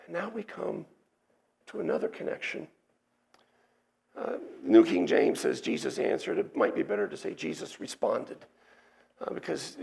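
A man's voice: fairly high pitch, creaky, a little mellow. A man preaching a sermon, explaining a scripture passage verse by verse in a teacherly way, with asides and restarts. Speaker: pastor. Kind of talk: expository sermon.

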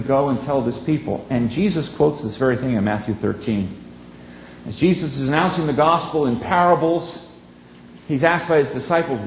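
A man preaching a sermon in an earnest, emphatic way, drawing out key words and pausing for effect. His voice sits at an ordinary middle pitch. It rings through a reverberant church space over a faint steady hum.

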